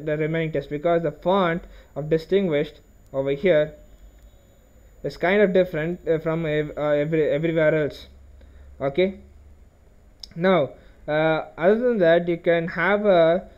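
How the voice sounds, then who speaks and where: High-voiced man explaining code, dull lo-fi sound. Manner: explains step by step with frequent okays and restarts. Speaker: programming tutorial host. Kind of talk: screen-recorded coding lesson.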